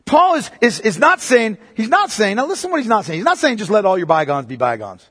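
A man's voice: sits high, very animated, a little fast, a bit bright, husky. A male pastor preaching a sermon emphatically, often asking the congregation rhetorical questions. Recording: long reverb of a large hall.

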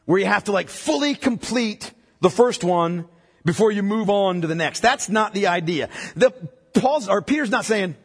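A man preaches a sermon in an emphatic way, often stopping to ask the congregation whether they are following. His voice is husky and sits a little high, and his pitch rises and falls a great deal. The sound carries the long reverb of a large church hall. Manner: emphatic, asks the congregation questions. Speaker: pastor.

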